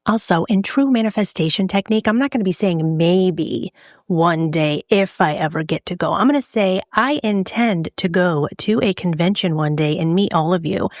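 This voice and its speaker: A woman's voice: lowish voice, no echo, studio quality. A woman hosting a true crime podcast, talking casually and joking, with frequent laughs. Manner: chatty and joking, laughs often.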